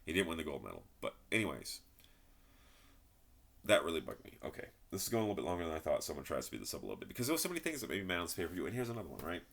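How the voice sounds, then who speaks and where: Low-voiced man ranting. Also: huge pitch swings, very fast, gravelly, a bit bright. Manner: frustrated, swears often, repeats himself. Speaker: wrestling reviewer. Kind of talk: ranting solo commentary.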